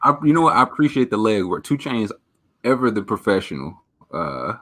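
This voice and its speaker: A man's voice: lowish voice, very animated, a little fast, fairly bright tone. A man hosting a podcast, bantering casually and cracking laid-back jokes. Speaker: podcast host. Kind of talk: casual chat.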